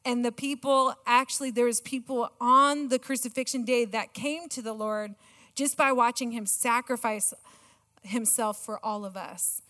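A middle-aged woman giving a sermon with a personal story, excitable and self-mocking, laughing often. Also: a little high, moderate pace. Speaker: church speaker. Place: church auditorium. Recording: long church hall reverb.

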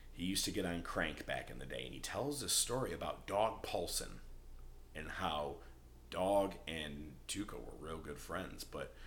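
A man's voice: sits low, slight background noise. A man hosting a podcast in casual chat, recapping a TV show with lots of swearing and acted-out quotes. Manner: animated, swearing, acts out quotes in character voices. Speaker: podcast host.

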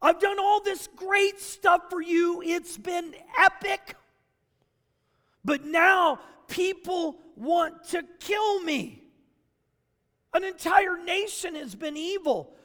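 A preacher acting as an indignant old prophet. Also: male voice, extremely high pitch, takes it slowly, pitched above the performer's own voice, full character voice. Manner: loud, indignant, pleading. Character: exasperated ancient male prophet, defensive and self-justifying. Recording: long reverb of a large hall.

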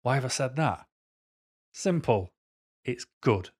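A man's voice: mid-range voice, animated, slow pace, breathy edge. Man, casual vlog, jokey, self-deprecating, chatty. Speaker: YouTuber giving dating advice. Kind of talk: casual vlog talk to camera.

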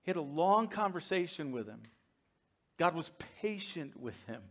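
Humorous high-voiced male pastor. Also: very animated, normal speed. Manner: humorous, conversational, laughs with the congregation. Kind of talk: sermon.

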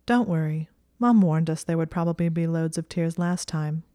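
A woman's voice: on the low side, a little slow, no echo. Brief: detached lanky young man wizard, read by a woman, dry and understated. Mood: wry. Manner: flat, wry.

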